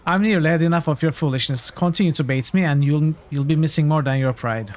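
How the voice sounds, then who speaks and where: A man's voice: fairly high pitch, fast, close to an everyday voice. A man voicing a proud male adventurer who speaks in a formal, haughty way. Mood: stern. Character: stiff, proud male adventurer, easily provoked.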